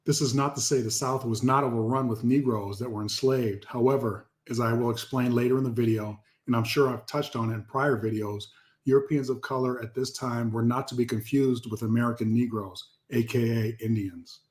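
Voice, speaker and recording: A man's voice: mid-range voice, steady tone, fairly quick, darkish tone. A man hosting his own channel, reading passages aloud and commenting on them emphatically. He repeats key words and speaks directly to his viewers. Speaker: channel host.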